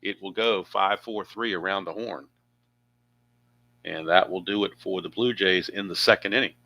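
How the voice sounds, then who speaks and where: Bright-voiced man calling a dice baseball game. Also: low voice, normal speed. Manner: chatty, thinks aloud, wanders into asides. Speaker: tabletop baseball game player narrating. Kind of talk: play-by-play narration of a dice game.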